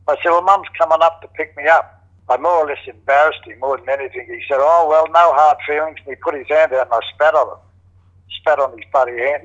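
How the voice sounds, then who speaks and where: The recording is muffled, carrying a little high, slightly bright male voice. He's an older Australian ex-criminal being interviewed, telling casual stories with blunt language, plenty of swearing and acted-out quotes from others.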